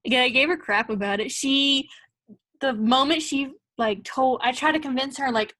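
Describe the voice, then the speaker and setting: A college soccer player in her young adult years recounts stories in a relaxed interview, performing the quotes she repeats. She speaks at a normal speed in a voice that sits high, with no echo.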